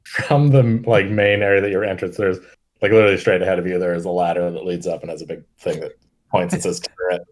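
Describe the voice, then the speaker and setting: Low-voiced, laughing man running a tabletop game. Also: steady tone, fast, slight background noise. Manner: rambling, filler-heavy, laughs often. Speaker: game master.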